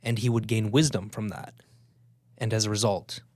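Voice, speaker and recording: A man's voice: on the low side, fairly even intonation, moderate pace, darkish tone, dry recording, studio quality. A man co-hosting a podcast, talking in an offhand, conspiratorial, teasing way in late-night chat. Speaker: podcast co-host.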